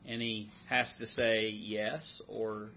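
A man's voice: on the low side, flat delivery, takes it slowly, lo-fi sound, slight background noise. A man leading a men's Bible study, asking the group questions and repeating their answers. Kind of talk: interactive teaching.

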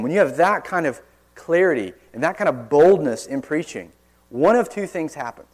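Earnest male preacher with forceful emphasis. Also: on the high side, animated, normal speed. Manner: earnest, forceful emphasis with sudden quiet drops. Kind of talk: sermon. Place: church.

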